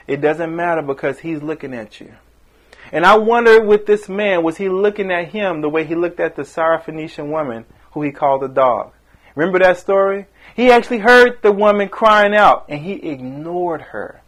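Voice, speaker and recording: A man's voice: on the high side, moderate pace. A man preaching a sermon with passion, voice rising and falling for emphasis and briefly acting out the people he quotes.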